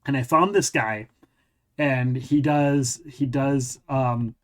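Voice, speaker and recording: A man's voice: medium pitch, steady tone, slow pace. A man hosting a podcast who also runs tabletop games, telling a long rambling story that keeps looping back on itself in casual conversation. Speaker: podcast host and tabletop game master. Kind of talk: casual interview chat.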